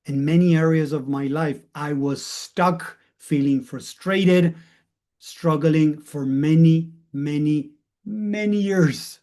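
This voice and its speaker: A man's voice: a little high, mellow. A middle-aged man, a life coach, telling a personal story in an earnest way and repeating words for emphasis.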